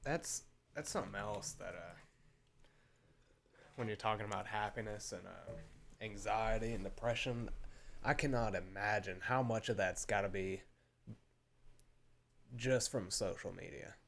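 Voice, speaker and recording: A man hosting a casual chat, laid-back and halting, mostly giving short replies. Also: lowish voice, vocal fry, fairly bright tone, slight background noise.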